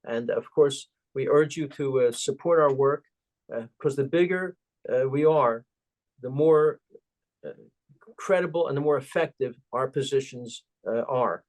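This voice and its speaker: A man's voice: medium pitch, darkish tone. Older man telling anecdotes with fillers. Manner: anecdotal, chuckling, halting with fillers. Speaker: guest, organization president. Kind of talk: storytelling interview.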